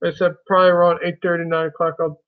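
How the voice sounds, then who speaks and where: Man, high-pitched, chatty live streamer, muffled lo-fi sound. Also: monotone, very fast. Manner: chatty, folksy, greets chat by name. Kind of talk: casual live stream chat with viewers.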